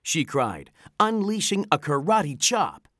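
A narrator reading a children's storybook aloud in an animated, expressive way. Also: medium pitch, slow, no echo, studio quality.

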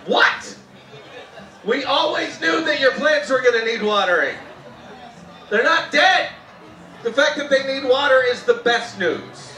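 A Canadian man performing a live stand-up set, telling animated stories about his wife and jumping into sudden high-pitched shouts when he mimics her. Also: unhurried. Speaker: stand-up comedian. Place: outdoor festival comedy tent. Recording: roomy live sound from a distance. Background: audience laughter and faint music.

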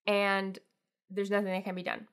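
A woman's voice: medium pitch, monotone, moderate pace, clean tone. A woman teaching a casual language lesson in English, acting out example phrases. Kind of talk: explanatory lesson, mixing English with German examples.

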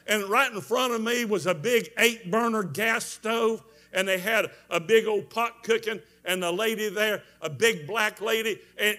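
A man preaching a revival sermon, telling a story with strong emotion, moving from hushed tones to shouts. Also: sits high. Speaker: evangelist preacher.

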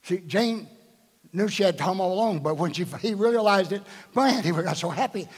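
A man's voice: sits high, expressive, normal speed, slightly rough. An older man, a bishop, preaching a sermon at a live church service and quizzing the congregation with rhetorical questions. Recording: echoing church hall.

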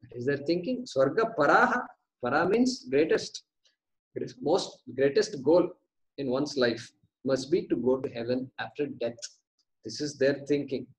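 A man's voice: medium pitch, normal speed, poor audio. A man teaching a scripture class, breaking terms down word by word, repeating them and asking questions that he then answers himself. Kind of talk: classroom lecture on verses.

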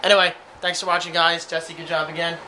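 Playful guy vlogging in the woods at night, kinda high voice, noisy camera audio. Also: level tone, quick pace, pushed and bright. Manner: playful, jokey, easily amused. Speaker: vlogger host. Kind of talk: casual chat while geocaching.

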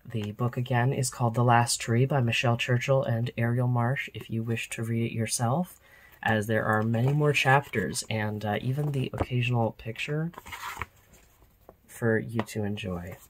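A storyteller reading a children's chapter book aloud, narrating steadily and expressively in a mid-pitched man's voice. Even, clear storytime delivery. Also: normal speed.

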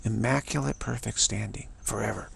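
A man giving an informal spiritual talk, halting and repeating himself, often sinking into a whisper. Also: lowish voice, vocal fry, slightly rough. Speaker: spiritual speaker.

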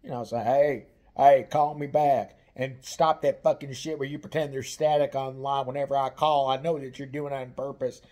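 A man in his forties rambles through a family story for his subscribers, swearing freely and teasing as he goes. His voice sits at an ordinary middle pitch. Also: level tone, a little fast, few pauses, darkish tone. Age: 40s. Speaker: vlogger. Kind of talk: casual storytelling to camera.

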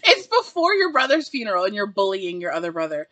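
A woman's voice: mid-range voice, very animated, quick pace, fairly bright tone, no echo. A woman giving a casual reaction review of a TV episode, ranting in exasperation and laughing often.

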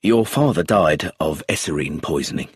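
A man's voice: a bass voice, expressive, moderate pace, slightly rough, dry recording, studio quality, voice pushed down, exaggerated voice. A man voicing a polite, businesslike police inspector. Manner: polite, matter-of-fact questioning.

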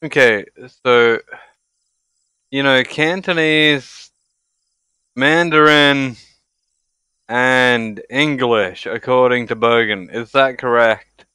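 A young man streaming a game live, tipsy from drinking, exasperated and swearing with loud outbursts. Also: medium pitch, slow, pauses often, clear, resonant tone, no echo.

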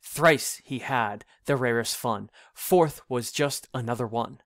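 A man reading an old rhyming storybook aloud, in a measured, sing-song delivery. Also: medium pitch, a bit bright, dry recording, clean studio sound.

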